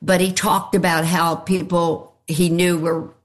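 Slow, low-voiced woman interviewee. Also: level tone. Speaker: interviewee, nonprofit founder. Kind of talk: casual interview answers. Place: her home.

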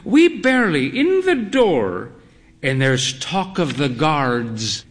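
A man voicing a frail, proud old woman who speaks in a high, quavering, grandly dramatic way. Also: sing-song, slow pace.

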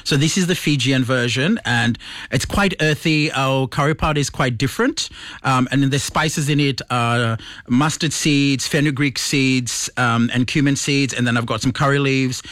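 A man's voice: medium pitch, normal speed, fairly bright tone, dry recording. A man from Fiji, a chef guest, chatting casually in a studio interview and enthusiastically describing dishes in detail.

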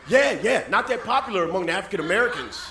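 A man's voice: high-pitched, animated, fast, creaky, pushed and bright. A man in his thirties performing a stand-up comedy set, chatting with the crowd and dropping frequent asides. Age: 30s. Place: comedy club stage. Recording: echoey club with background noise.

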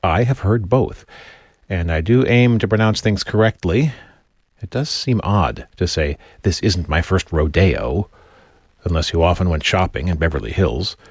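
A man's voice: low-pitched, normal speed, husky, no echo, clean studio sound. A man hosting a radio program, talking in a wry, playful way. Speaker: radio host.

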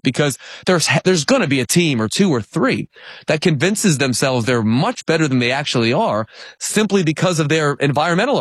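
A man's voice: on the high side, no echo. A man reading baseball numbers in a conversational sports talk, often laughing while he talks. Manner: laughs through stats, animated. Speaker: baseball analyst.

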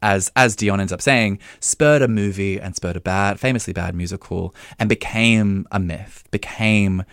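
Male podcast co-host, very low voice, dry close mic, lively critic banter. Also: smooth, no room sound. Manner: animated, quick, laughs often, many fillers. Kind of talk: casual review chat.

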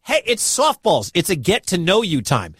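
A man from the American Midwest hosting a sports talk radio show, animated and incredulous as he talks. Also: high voice, normal speed, slightly rough, no room sound, studio quality.

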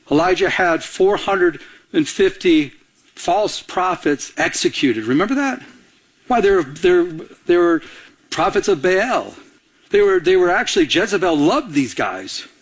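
A middle-aged male pastor with a high voice delivers a lively sermon full of personal stories. He's animated, doubling back and repeating words as he goes.

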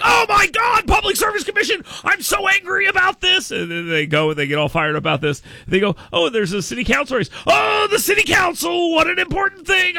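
High, gravelly, jokey radio host. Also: male voice, no room sound. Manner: jokey, laughing, animated, lots of restarts. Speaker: radio talk show host. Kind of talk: casual political talk radio.

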